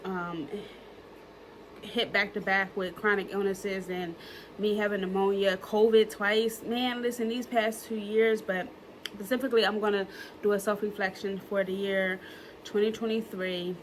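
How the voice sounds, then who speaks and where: A woman's voice: medium pitch, level tone, a little slow, slight background noise, rough recording. A woman, talking in an earnest, emotional way in a personal reflection vlog, using plenty of fillers and repeating herself. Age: early 30s. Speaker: vlogger.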